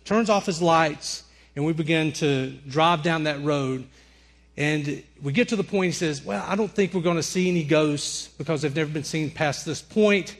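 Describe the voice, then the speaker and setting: Animated Southern preacher, high voice. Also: male voice, moderate pace. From Alabama. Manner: animated storyteller, acts out screams and dialogue. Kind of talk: storytelling sermon.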